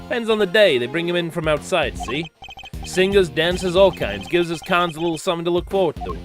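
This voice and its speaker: A man voicing a gruff, streetwise male convict boxer with slangy tough-guy talk. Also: a little high, animated, fairly quick, music in the background, lightly acted.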